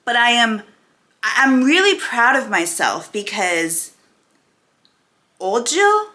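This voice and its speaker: A woman in her forties speaks candidly to her viewers in a bright, forward voice. She talks emphatically and keeps pressing rhetorical questions at her audience, like a vlogger speaking straight to camera. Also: on the high side, lively intonation, unhurried. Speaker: weight loss vlogger.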